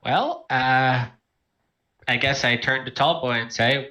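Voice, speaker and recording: A man playing a tabletop game, speaking hesitantly with pauses. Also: medium pitch, bright, forceful tone, low-quality recording. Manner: hesitant, halting. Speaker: player.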